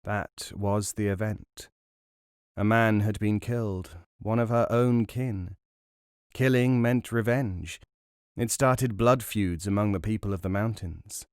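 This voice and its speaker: A man narrating a novel as an audiobook in a measured, dramatic storytelling manner. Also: on the low side, smooth, dry recording, clean studio sound.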